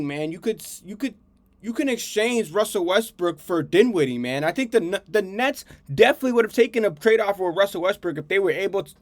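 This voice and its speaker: A man's voice: high-pitched, no echo. Slangy, heated man ranting sports. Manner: repeats himself, slangy and animated, heated rants. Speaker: podcast host. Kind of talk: casual sports commentary.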